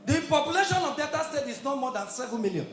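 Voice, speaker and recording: A Nigerian man doing stand-up, his voice pitched very high and swinging widely as he shouts punchlines in Pidgin. He takes his time between lines. The sound is roomy and echoing, with a crowd faintly audible behind him. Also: expressive, quick pace, slight background noise. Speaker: stand-up comedian. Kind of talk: stand-up comedy routine. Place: live comedy show stage with audience. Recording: echoey live venue with crowd.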